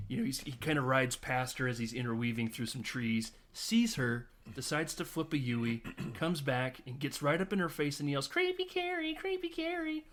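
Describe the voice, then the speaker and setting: A man's voice: medium pitch, moderate pace, fairly bright tone. Rambling man retelling a film. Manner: rambling retelling with many fillers and acted-out quotes. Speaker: podcast co-host. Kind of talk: casual film discussion.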